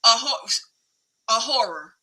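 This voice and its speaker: A woman hosting a film talk show in casual chat, animated and slangy. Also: a little high, takes it slowly, slightly rough, soft background music, low-quality recording. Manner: animated, slangy, emphatic, laughs often. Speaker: film podcast host.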